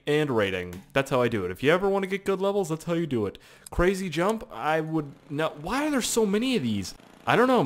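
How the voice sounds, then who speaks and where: A young man from Canada giving joking, animated let's-play commentary, swearing freely as he plays. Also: medium pitch. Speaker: gaming commentator.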